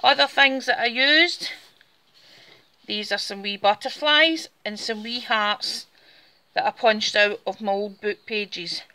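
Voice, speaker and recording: Bright-voiced Scottish Borders woman crafting. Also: medium pitch, takes it slowly. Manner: chatty, talks while working with her hands. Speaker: craft tutorial host. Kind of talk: casual step-by-step craft demonstration.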